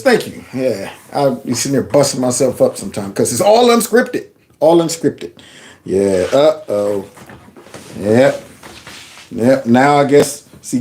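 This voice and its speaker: A man's voice: medium pitch, a little mellow. A man hosting his own channel, talking loosely and unscripted, mimicking other voices and chuckling often. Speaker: channel host. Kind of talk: unscripted casual commentary.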